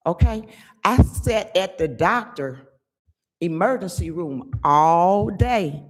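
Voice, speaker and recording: An older woman giving an angry, emphatic public comment at a village board meeting, often pausing to ask "okay?". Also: fairly low pitch, expressive, husky. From Chicago area.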